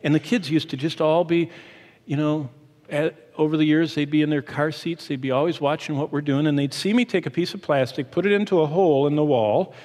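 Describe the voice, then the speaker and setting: A man's voice: on the high side, fast. Male pastor preaching in a reverberant hall. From Michigan, USA. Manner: animated preaching, shifting pace and emphasis. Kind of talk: sermon.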